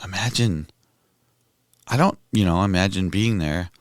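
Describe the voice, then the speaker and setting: A man's voice: lowish voice, animated, a little slow, a bit bright, no room sound, studio quality. A man hosting a podcast, reflecting on a scripture reading in a musing, conversational way. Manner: musing, conversational, thinks aloud with restarts. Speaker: podcast host.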